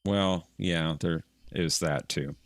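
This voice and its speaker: A man's voice: low-pitched, slow pace. A man co-hosting a live stream, laid-back and brief, reading out chat comments. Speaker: stream co-host.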